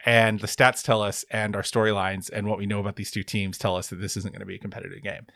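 A man's voice: fairly low pitch, level tone, fast talker, vocal fry, fairly bright tone, no echo, studio quality. A man co-hosting a sports podcast, chatting in a wry, rambling way and often correcting himself. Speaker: podcast co-host. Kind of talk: casual sports chat.

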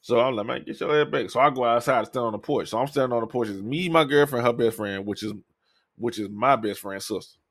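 A man's voice: medium pitch, quick pace, dry recording. A man hosting a podcast, telling a personal story in a loose, profane way and acting out what other people said. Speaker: podcast host. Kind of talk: casual storytelling.

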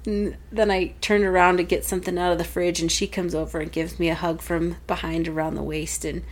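A woman's voice: lowish voice, little pitch movement, a little fast. A woman in her thirties co-hosting a casual talk show, telling stories in a chatty way. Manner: chatty storytelling, acts out quoted family voices. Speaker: podcast co-host. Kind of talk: casual chat.

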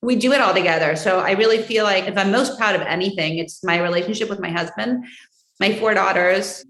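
Woman, forties, heartfelt, interview guest, echoey room. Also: mid-range voice. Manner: warm, heartfelt, quickly emotional. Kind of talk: casual interview answers.

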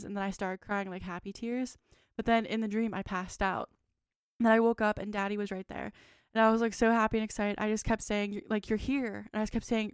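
Smooth-voiced woman in her twenties. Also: medium pitch, dry recording, clean studio sound. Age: 20s. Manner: rambling, frequent "like" fillers. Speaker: podcast co-host. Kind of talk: casual chat, reading a dream journal.

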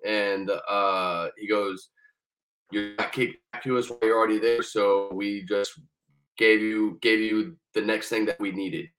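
A man's voice: lowish voice, a little slow, rough recording. A young man, a former Marine guest on a podcast, telling his story casually and profanely, acting out the people he quotes. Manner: profane, animated, acts out quoted dialogue.

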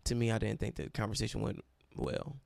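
A young man who leads a college Bible study shares his personal testimony, emotional and near tears, calling himself dramatic. His lowish voice is a little mellow with vocal fry, moves fairly quickly, and shows little pitch variation, with no room sound.

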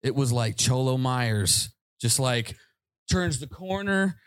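A man's voice: mid-range voice, takes it slowly, clean tone, no room sound. A man hosting a podcast, telling a comic story to a live audience and acting out the voices in it. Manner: animated, acts out voices in his anecdotes. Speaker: podcast host.

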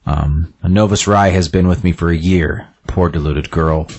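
A man reads out a weary middle-aged priest, worn down by guilt and doubt. The voice sits very low and deep, tired and self-questioning. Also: fairly even intonation, moderate pace, a little mellow, slightly rough. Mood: bitter.

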